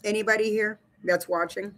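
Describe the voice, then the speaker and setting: A woman's voice: medium pitch, steady tone, a little fast. Candid woman chatting to her stream. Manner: reads viewer comments aloud and talks straight to the chat; blunt, swears casually, laughs often. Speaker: livestream host. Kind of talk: casual livestream chat about grief.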